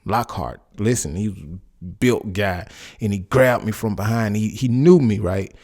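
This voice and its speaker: A man's voice: lowish voice, a little slow, a little mellow. A man in his forties hosting a podcast, giving casual commentary and personal stories in a loose, rambling way with many restarts. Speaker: podcast host.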